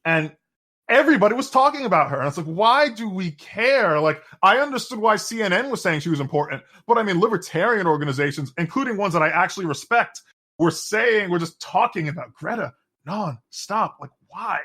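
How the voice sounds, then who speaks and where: A man's voice: high-pitched, lively intonation, fairly quick, bright, forceful tone. A man co-hosting a podcast, chatting casually and sardonically about politics, rambling with frequent restarts. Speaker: podcast co-host.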